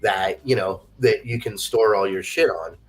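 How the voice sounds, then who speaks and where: A podcast host with a fairly low voice talks at normal speed in casual chat, with faint music behind him, using a remote call mic. He's profane and loose, packing his speech with "you know" and "like."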